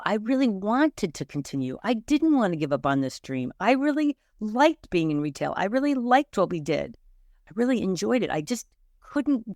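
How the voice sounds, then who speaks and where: A middle-aged woman hosting a podcast, telling a personal story in an earnest, animated way, often checking in with "right?". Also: medium pitch, dry recording, studio quality. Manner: earnest and animated, frequent "right?" and quoted self-talk. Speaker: podcast host.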